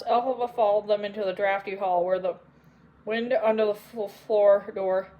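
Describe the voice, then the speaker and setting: A woman narrating an audiobook in a measured, unhurried way. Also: medium pitch, a little mellow, low-quality recording. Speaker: audiobook reader.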